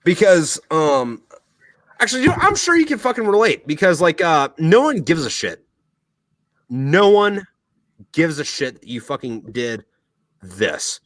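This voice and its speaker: An adult military veteran hosts a podcast, ranting heatedly and swearing constantly in a casual, tipsy manner. His voice is high-ish and sing-song with a fairly bright tone, a little slow, and full of pauses. The recording has no echo but is rough.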